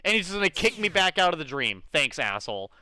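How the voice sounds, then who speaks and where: A young man commentating casually on a blind let's play, excitable, profane and sarcastic. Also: on the high side, fast talker, dry recording. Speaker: gaming streamer.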